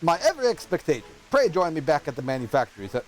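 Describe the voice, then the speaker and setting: A man's voice: on the high side, very animated, quick pace, poor audio. A man doing a proper, courteous nobleman. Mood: gracious. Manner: formal, courteous, stumbling over words. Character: polite, proper male noble patron. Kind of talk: reading game dialogue aloud.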